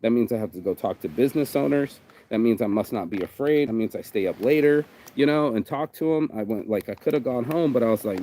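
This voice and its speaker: A relaxed man talks off the cuff in a loose, meandering way, tossing in "bro" and "you know" as he goes. He sounds like a vlog host chatting outdoors near a beach, with a mid-range pitch. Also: a little fast, rough recording. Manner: laid-back, rambling, peppered with "bro" and "you know". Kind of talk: casual rambling chat.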